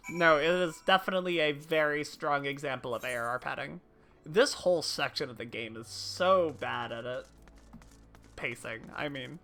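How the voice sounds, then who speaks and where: A woman's voice: sits low, normal speed, gravelly, fairly bright tone, soft background music. A woman streamer chatting casually with her viewers while playing a game, chatty and self-deprecating. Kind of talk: casual livestream chat while gaming.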